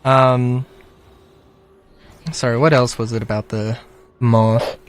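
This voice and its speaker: A man's voice: medium pitch, level tone, slow. A man ranting casually about a game, frustrated and rambling, with many fillers, sighs and short laughs. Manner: laughs between phrases. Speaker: gaming commentator. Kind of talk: casual rant to camera.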